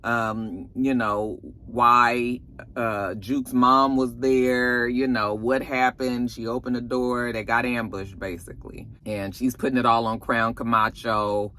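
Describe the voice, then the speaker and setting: A man's voice: mid-range voice, steady tone, slow, pushed and bright, slight background noise. A man giving a casual, chatty recap of a TV episode, colloquial and full of fillers. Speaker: TV episode reviewer.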